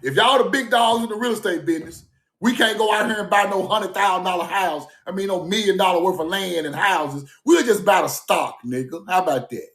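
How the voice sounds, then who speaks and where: A man with a high-sitting, somewhat bright voice rambles briskly through a casual livestream monologue, repeating himself emphatically and often laughing. The phone or streaming mic picks up a reverberant sound.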